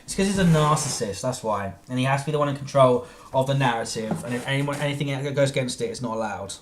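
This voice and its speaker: A man hosting a reaction stream, swearing and exasperated, breaking into shouting outbursts. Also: medium pitch, fast, echoey room, a little hiss or hum. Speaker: stream host reacting to videos. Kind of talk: drunk reaction stream commentary.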